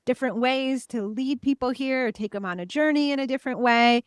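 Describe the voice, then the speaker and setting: A woman's voice: high-pitched, brisk, clear, resonant tone, no room sound, clean studio sound. A woman hosting an interview podcast, talking casually with many fillers and affirming her guest. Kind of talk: interview conversation.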